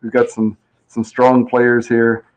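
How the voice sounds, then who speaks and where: A man's voice: mid-range voice, monotone, slow pace. A man hosting a game show live stream, chatting casually and reading out viewer comments. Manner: chatty and rambling, reads chat aloud, plays with pronunciations.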